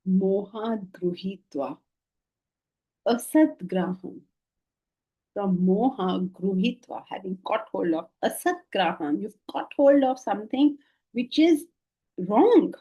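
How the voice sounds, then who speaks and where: Animated woman teacher with a mellow voice. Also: medium pitch, takes it slowly, husky, muffled recording. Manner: animated, questioning, shifts between soft and emphatic. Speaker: Vedanta teacher. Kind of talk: scripture class lecture. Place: classroom with listeners.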